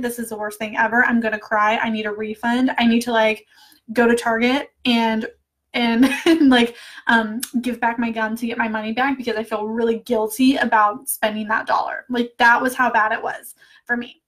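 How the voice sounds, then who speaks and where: Chatty woman answering comments, kinda high voice, laughs a lot, money coach vibe. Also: a bit bright. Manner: chatty and candid, laughs often. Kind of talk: casual live chat answering viewer comments.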